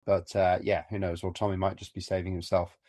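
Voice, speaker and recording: A man's voice: low-pitched, flat delivery, brisk, warm tone, no room sound. A man from Gloucester with a West Country accent, co-hosting a motocross podcast in a rambling, chatty way with plenty of ums. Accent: West Country English. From Gloucester, England. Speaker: podcast co-host and commentator. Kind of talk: casual podcast chat.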